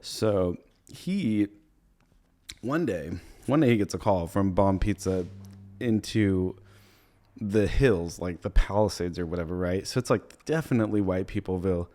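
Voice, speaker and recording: A young comedy podcast host with a warm, lowish voice rambles through a funny movie recap, cursing freely. He cracks himself up as he retells scenes and keeps slipping into brief impressions of the characters.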